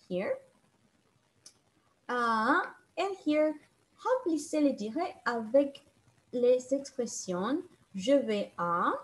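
Woman teacher, online class over video call, patient and repetitive. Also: a little high. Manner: patient, repeats and translates phrases slowly.

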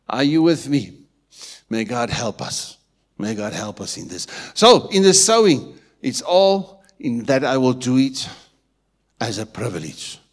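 South african pastor guy, afrikaans accent, middle pitch, preaching in church, goes quiet then booms. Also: big pitch swings, slow pace, pauses often. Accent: South African English, Afrikaans-influenced. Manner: swings between hushed and loud emphatic preaching; keeps checking in with the congregation. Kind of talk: sermon.

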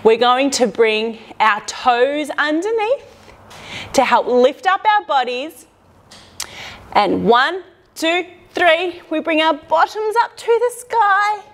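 A young woman leading a playful children's yoga lesson, guiding poses and making animal sounds. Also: very high voice. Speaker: kids' yoga instructor.

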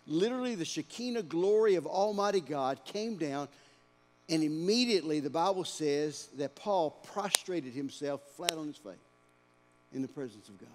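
A male pastor preaching a dramatic sermon in a church, swinging between hushed lines and shouted ones. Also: fairly high pitch, expressive, normal speed, noisy background. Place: church sanctuary. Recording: long church-hall reverb.

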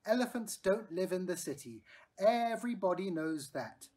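A woman voicing a sensible father who flatly dismisses his daughter, in a plain, slightly breathy voice. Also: fairly low pitch, normal speed. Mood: dismissive.

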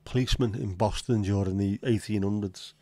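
Sweary man, low mellow voice. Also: steady tone, a little fast, no echo. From Liverpool, England. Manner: sweary, sarcastic banter. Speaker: livestream host. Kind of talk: casual livestream chat reading viewer comments.

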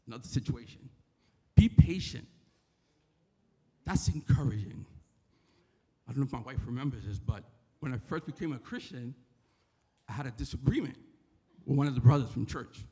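With a warm, mid-range voice at normal speed, pausing often, a Bronx man with a New York accent gives a relaxed sermon to his church. He keeps asking the audience "right?" in a conversational way, and the hall has noticeable echo.

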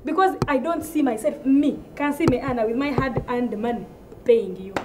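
A woman's voice: on the high side, normal speed, noisy background. A woman from Uganda with a Ugandan English accent, performing a comedy sketch with an indignant, ranting delivery that repeats itself for effect.

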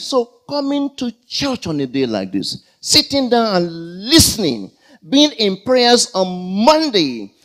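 High-voiced slow-preaching male pastor. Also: huge pitch swings, a bit bright. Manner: call-and-response questions to the congregation; acts out comic dialogues. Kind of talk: sermon. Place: church.

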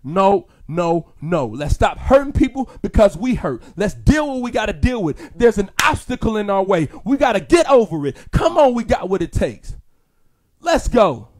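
Very high-voiced impassioned male preacher. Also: very animated, moderate pace. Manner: impassioned, repetitive, sing-song preaching cadence; rises to shouts, then drops soft and low. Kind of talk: motivational sermon.

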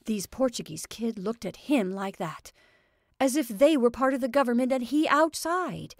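A woman reading a classic short story aloud in measured, even narration. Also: fairly high pitch, no room sound, studio quality.

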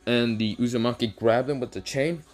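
A man narrating an improvised fan story in a casual, rambling way, full of fillers, false starts and the odd curse. His voice is mid-pitched, and faint music plays beneath it. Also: steady tone, normal speed. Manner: rambling, hesitant, loses track, swears.

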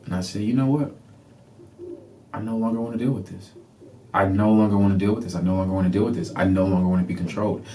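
A man hosting a podcast, telling a personal story in an animated way and acting out the people in it. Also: fairly low pitch, quick pace, a little hiss or hum. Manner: animated, laughing, reenacts people. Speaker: podcast host.

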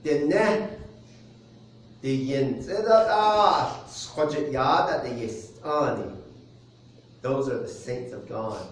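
A pastor delivers a deliberate, unhurried sermon, pausing for soft chuckles as he explains his points. His voice comes from a distance into a strongly echoing space, with faint noise underneath. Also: medium pitch, lively intonation. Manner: measured preaching with soft chuckles. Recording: very echoey room, distant mic.

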